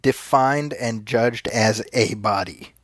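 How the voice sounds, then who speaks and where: A man's voice: mid-range voice, fairly bright tone, dry recording, clean studio sound. A man in his forties co-hosting a podcast, chatting casually with wry humor and many restarts. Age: 40s. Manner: halting, restarts phrases, wry. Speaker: podcast co-host. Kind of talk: casual chat.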